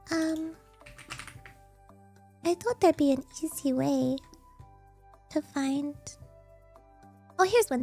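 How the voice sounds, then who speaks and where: A woman's voice: sits high, a little mellow. A bubbly young woman VTuber chatting casually on a livestream, slipping in Japanese phrases. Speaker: VTuber streamer.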